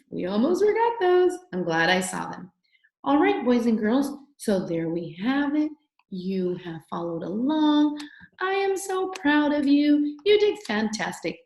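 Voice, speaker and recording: A woman's voice: mid-range voice, vocal fry, darkish tone. A woman teacher giving a recorded phonics lesson to young children, patient, sing-song and encouraging. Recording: echoey room.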